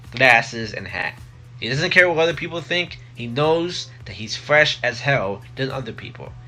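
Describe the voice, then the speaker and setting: A young man talking casually into a close mic for his vlog, rambling with many pauses and restarts. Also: mid-range voice, bright, forceful tone. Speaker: vlogger. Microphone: close desk mic.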